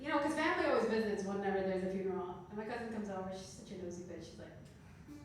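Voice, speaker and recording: A woman in her thirties from Canada doing a stand-up comedy set, telling stories with deadpan, dark punchlines. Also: mid-range voice, racing. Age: 30s. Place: comedy club stage. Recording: echoey club room heard from a distance.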